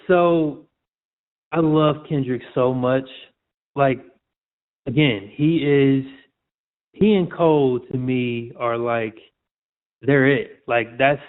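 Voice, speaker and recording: A man, a sportswriter guest, telling stories in a relaxed, slangy way during a casual interview. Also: medium pitch, slow pace, long pauses. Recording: tinny phone-like audio.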